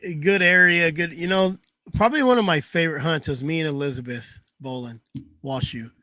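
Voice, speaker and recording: A man's voice: fairly high pitch, fairly quick, pushed and bright, a little hiss or hum. A man telling rambling hunting stories in a casual chat, laughing through his anecdotes over a video call. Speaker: hound hunter telling stories.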